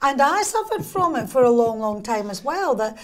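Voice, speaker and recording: A Scottish woman with a voice pitched a little higher than most, who tells stories with animation and dry wit. She talks to an interviewer as a guest, loose and chatty, with lots of asides. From Scotland. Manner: lively anecdotal storyteller, quick wry humour. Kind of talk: casual interview chat.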